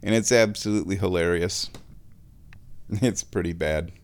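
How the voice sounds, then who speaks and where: A man hosting his own show, talking in a relaxed, rambling way while lying down and chuckling often. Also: sits low, moderate pace, smooth. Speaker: solo show host. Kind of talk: casual monologue.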